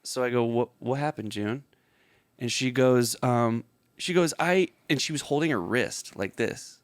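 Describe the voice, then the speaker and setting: A man's voice: normal speed, no room sound, studio quality. A man in his thirties, co-host of a podcast, telling a story in casual chat and acting out the quotes with big jumps in voice. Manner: animated, acts out quotes with big pitch jumps.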